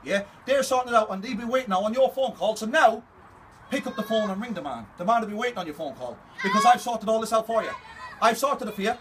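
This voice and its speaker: A man's voice: sits high, expressive, quick pace, fairly bright tone, a little hiss or hum. An adult man issuing a fight challenge in a confrontational video message, taunting and aggressive, repeating himself to drive points home. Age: adult, older than 21.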